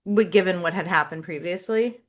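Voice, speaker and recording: A woman hosts a podcast interview at a medium-low pitch. She thinks aloud, repeats words as she searches for them, and often ends a thought with "right?". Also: a little fast. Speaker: podcast host. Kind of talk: casual interview conversation.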